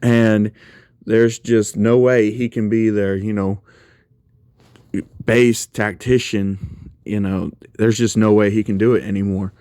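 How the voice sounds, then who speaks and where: Rich: A man retells a fan story off the cuff, rambling and conversational with plenty of fillers. His voice is on the low side and sounds dry and close, with no room around it. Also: flat delivery, takes it slowly, pauses often, dark tone, no echo.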